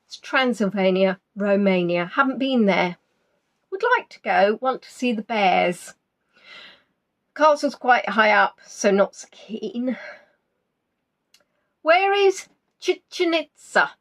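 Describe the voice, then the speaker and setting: A woman hosting a live online quiz, chatting with players and teasing them as she reads out their answers. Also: takes it slowly. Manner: teasing, chatty, reads out names and answers with big pitch swings.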